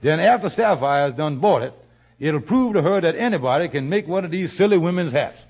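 An actor playing a scheming, smooth-talking con man in 1940s radio acting, on a muffled old radio broadcast. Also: a little high, animated, brisk.

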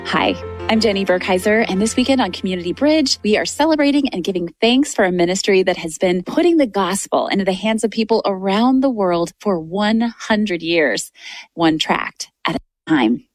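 A woman's voice: medium pitch, expressive, moderate pace, no echo, soft background music. A woman hosts a Christian radio interview in a gracious, devout way, welcoming her guest and giving thanks. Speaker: radio show host. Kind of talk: scripted interview hosting.

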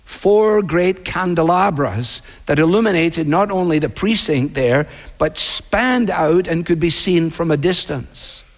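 Preacher with a high voice in a reverberant hall. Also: male voice, unhurried, few pauses. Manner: earnest, conversational preaching with rhetorical questions and quoted voices. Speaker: pastor. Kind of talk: sermon. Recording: long reverb in a large hall.

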